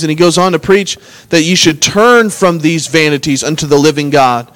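With a fairly high, fairly bright voice at a moderate pace, a pastor preaches earnestly. He reads scripture aloud and recasts it in plain, everyday talk.

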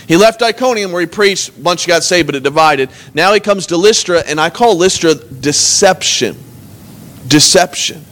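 High-voiced male pastor preaching. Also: animated, moderate pace, a bit bright. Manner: earnest preaching, reads scripture aloud and retells it in plain talk. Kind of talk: sermon.

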